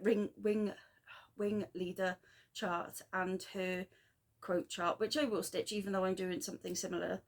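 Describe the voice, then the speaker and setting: A woman chatting casually in a craft vlog, rambling and self-deprecating with quick asides. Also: medium pitch. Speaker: flosstube vlogger. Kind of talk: casual chat.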